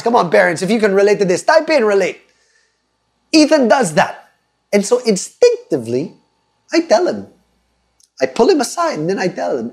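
A man's voice: high-pitched, big pitch swings, normal speed, gravelly, long pauses. Male preacher, 30s, online sermon, earnest and emphatic storyteller. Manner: earnest, emphatic, asks listeners to type responses.

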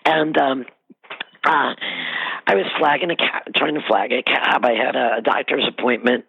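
A woman guest telling rambling, animated anecdotes in a casual interview, with lots of fillers. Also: extremely low pitch, moderate pace, vocal fry, slightly rough, no echo, highs cut off.

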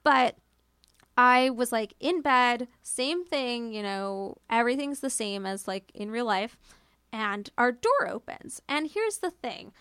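A woman's voice: on the high side, expressive, takes it slowly, a bit bright, smooth, no room sound, studio quality. A young woman casually telling a personal spooky story, chatty and full of fillers, swearing freely and acting out what she said. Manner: chatty, filler-heavy, swears freely, acts out her own quotes.

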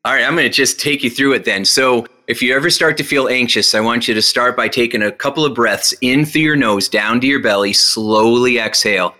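A man being interviewed, a hypnotist and speaker by trade, tells vivid stories and impersonates what people said to him, his pitch jumping sharply. Teaching the breathing exercise, he slows down and guides the listener.

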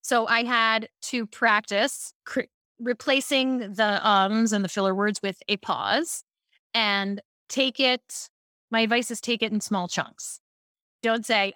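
A woman from Baltimore, a speaking coach, telling lively stories as a podcast guest. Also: a little high, takes it slowly, clear, resonant tone, no room sound, studio quality. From Baltimore, USA. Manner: lively storyteller, animated asides. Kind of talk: casual podcast interview.

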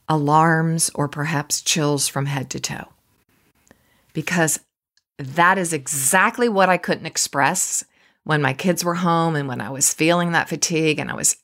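A middle-aged woman talks slowly and earnestly as she hosts a reflective show. Her voice sits a little low, and she leans into certain words and lets them hang. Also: fairly bright tone. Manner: earnest, emphatic, lingering on words. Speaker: podcast host. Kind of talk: reflective inspirational talk.

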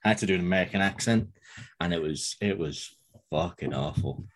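A man co-hosting a podcast, chatting casually in a dry, low-key, teasing way. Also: fairly quick. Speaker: podcast co-creator. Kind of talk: casual chat.

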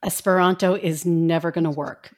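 A woman's voice: fairly low pitch, fairly even intonation, moderate pace, darkish tone. A woman co-hosting a casual podcast with a faint Indiana accent, ranting sarcastically and swearing freely. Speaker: podcast co-host.

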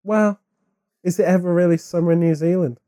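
A man's voice: high-pitched, fairly quick. A man co-hosting a podcast who chats in a rambling, joking way and says he has a cold. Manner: rambling, jokey, animated asides. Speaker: podcast co-host. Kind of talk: casual podcast chat. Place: living in Japan.

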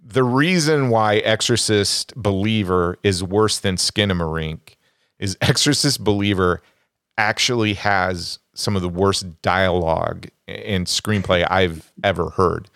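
A man's voice: low voice, a little slow, a bit bright, dry recording, clean studio sound. A man co-hosting a casual movie podcast, bluntly ranking and trashing films he disliked. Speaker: podcast co-host.

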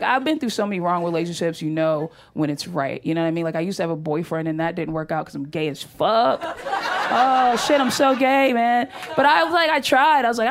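A woman's voice: mid-range voice, slight background noise. A woman performing a stand-up comedy set on a club stage, brash and profane, telling stories in a loose conversational way into a handheld mic.

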